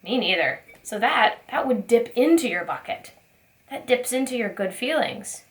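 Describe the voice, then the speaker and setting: A woman teaching a preschool circle time, asking gentle questions in a sing-song teacher voice. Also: fairly high pitch, animated, normal speed. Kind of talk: circle time lesson for young children.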